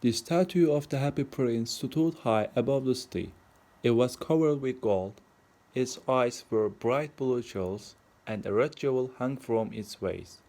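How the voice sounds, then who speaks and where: A man narrating a storybook aloud in a plain, unhurried way with small slips. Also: medium pitch, dark tone. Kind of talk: storybook reading.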